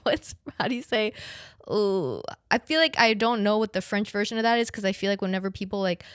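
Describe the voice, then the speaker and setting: Chatty and profane, a young woman podcast host rambles through casual conversation, saying "like" constantly. Her mid-range voice is animated and slightly fast, with a clean tone and studio sound free of echo.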